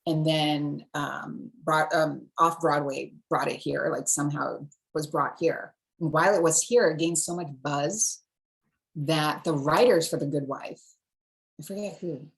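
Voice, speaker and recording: A woman from Singapore, an actor, telling stories in a lively, casual interview. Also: low voice, measured pace, vocal fry. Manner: animated storyteller, switches accents.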